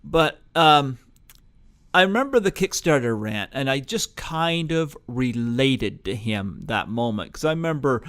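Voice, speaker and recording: A man's voice: medium pitch, very animated, unhurried, fairly bright tone, dry recording. A man hosting an interview show who talks casually and hesitantly, with frequent "uh"s and restarts. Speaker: podcast host.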